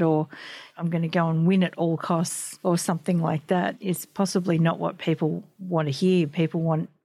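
A woman's voice: lowish voice, vocal fry, darkish tone, no echo. A woman hosting an interview, asking questions in a chatty way with many fillers. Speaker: interview host. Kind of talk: conversational interview.

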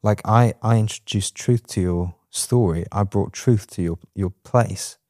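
A man's voice: fairly low pitch, a little slow, dark tone, dry recording, clean studio sound. A man co-hosting a podcast, talking through a Bible passage in an earnest, reflective way with many restarts. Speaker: podcast co-host. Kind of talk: casual Bible study chat.

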